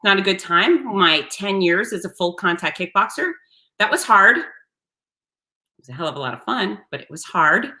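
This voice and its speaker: A woman hosting her own show, telling a story in a blunt, salty, animated way. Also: mid-range voice, normal speed. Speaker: host. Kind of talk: casual storytelling monologue.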